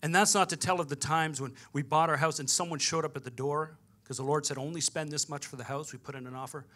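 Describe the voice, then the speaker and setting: A pastor preaching in a bright, forceful voice that sits a little high for a man. He tells his story through lively back-and-forth dialogue, acting out each exchange as he goes. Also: quick pace. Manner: storytelling with quoted dialogue, animated. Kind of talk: sermon.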